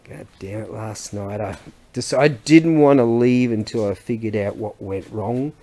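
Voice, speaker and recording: A man's voice: lowish voice, a little slow, dark tone. A middle-aged man, chatting casually and rambling in a vlog, often losing his thread and laughing. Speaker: vlogger and antiques seller.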